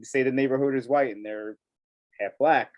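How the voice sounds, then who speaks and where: Guy chatting about tv shows, emphatic and chatty, laughs a lot, middle-pitched voice. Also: fairly even intonation, moderate pace, darkish tone. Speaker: co-host of a TV review show. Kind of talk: casual review chat.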